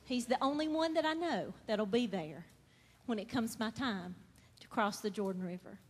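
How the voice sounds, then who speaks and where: High-voiced woman giving testimony. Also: lively intonation, normal speed. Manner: earnest, building to fervent. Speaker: testimony speaker. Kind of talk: emotional church testimony. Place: church hall. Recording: long hall reverb.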